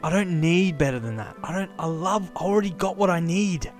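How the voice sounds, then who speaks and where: A young man rambling excitedly to camera, repeating himself as he thinks aloud. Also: high-pitched, brisk, faint music behind. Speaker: camera vlogger. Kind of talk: casual rambling monologue.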